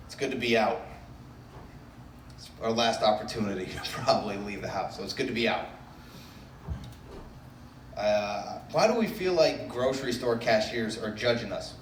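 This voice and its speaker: A stand-up comedian from the Boston area works a club crowd with loose, self-mocking riffs. His voice sits at a middle pitch and is picked up from some distance. The room is echoey, with a faint buzz of ambience behind him. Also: normal speed, slight background noise. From Brookline, Massachusetts.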